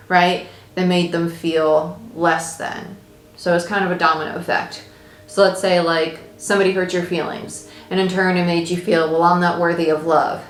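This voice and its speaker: Female tarot reader, lowish voice, casual and reassuring, roomy echo. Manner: chatty and reassuring, with casual swearing. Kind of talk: casual tarot reading monologue. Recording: echoey room with faint noise.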